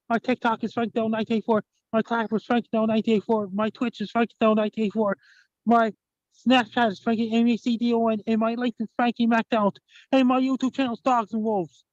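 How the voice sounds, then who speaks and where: A man guest in a casual chat, speaking flatly and listing things in a steady rhythm. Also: very high-pitched, dry recording. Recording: dull dry remote call audio.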